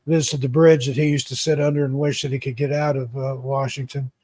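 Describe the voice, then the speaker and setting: A man's voice: mid-range voice, little pitch movement, brisk, mellow, dry recording. An American man chatting casually as a guest, telling long rambling travel stories and often stumbling over his first words. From United States. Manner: rambling storyteller, stammers on restarts. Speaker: guest author and YouTuber. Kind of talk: casual chat.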